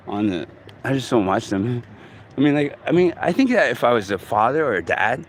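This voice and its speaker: A man in his forties talks to his camera outdoors in a loose, halting ramble, often restarting his sentences. His voice sits mid-range, and faint city traffic hums behind him. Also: mid-range voice. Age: 40s. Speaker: vlogger. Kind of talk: casual talk to camera.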